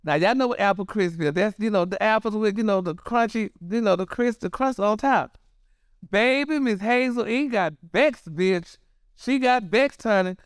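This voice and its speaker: A man's voice: high-pitched, normal speed, clean tone, no room sound, clean studio sound. A man hosting celebrity gossip in a sassy, dramatic way, calling everyone honey and girl. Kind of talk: casual gossip commentary.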